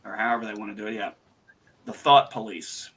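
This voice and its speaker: A man with a bright, forceful voice hosts a casual livestream chat. He tells stories with energy, swears freely, and performs his own comebacks. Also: fairly low pitch, fairly quick, breathy edge. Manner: animated, swearing storyteller, acts out quoted retorts. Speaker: host.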